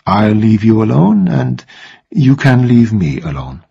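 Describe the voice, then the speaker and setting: A man voicing a calm, coolly polite army captain who speaks evenly and without haste in a read-aloud story. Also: fairly low pitch, gravelly, slightly rough, dry recording, dull audio, voice pushed down, exaggerated voice. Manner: cool, even, unhurried.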